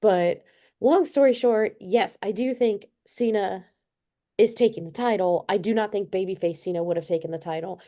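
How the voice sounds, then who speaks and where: Co-hosting a podcast, a young adult woman tells a story in casual conversation, speaking at a normal speed in a mid-range voice. Her storytelling is animated, and she acts out what people said.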